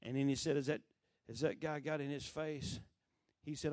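A middle-aged man preaching, telling a story with lively acted-out voices. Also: on the high side, normal speed, no echo. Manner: animated storyteller who acts out quoted voices. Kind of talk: sermon storytelling.

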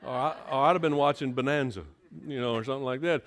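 A middle-aged man preaching a sermon, moving between emphatic rising passages and quiet, hushed storytelling. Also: mid-range voice, steady tone, fast talker. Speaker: pastor.

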